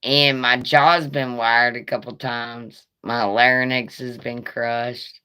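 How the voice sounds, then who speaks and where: A woman live streaming in casual chat, with a raspy voice like a chain smoker's, talking in a nervous, rambling, profane way. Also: rumbling low, little pitch movement, slow pace, bright, forceful tone.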